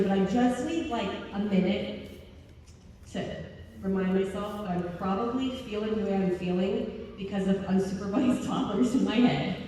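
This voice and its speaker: A woman's voice: on the high side, warm tone, a little hiss or hum. A woman giving a humorous, self-deprecating talk to homeschool parents, often laughing as she speaks. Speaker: convention speaker. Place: large convention hall. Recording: echoey hall from far off.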